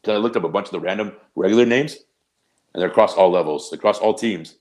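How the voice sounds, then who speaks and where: Very deep-voiced laid-back man. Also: quick pace, darkish tone. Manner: laid-back, explaining, swears casually. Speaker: podcast co-host. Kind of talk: casual chat.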